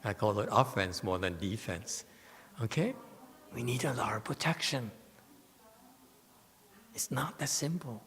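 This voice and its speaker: A man's voice: lowish voice, measured pace, pauses often, a bit bright, in a large hall, faint music behind. A man giving a Buddhist dharma talk, telling stories animatedly and tossing rhetorical questions to his listeners. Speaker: Buddhist teacher. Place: temple hall.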